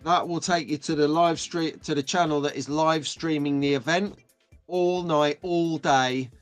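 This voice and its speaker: A chatty, excitable British man in middle age hosts a casual live stream, greeting viewers one by one. His voice sits fairly high for a man. Faint music plays underneath. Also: measured pace.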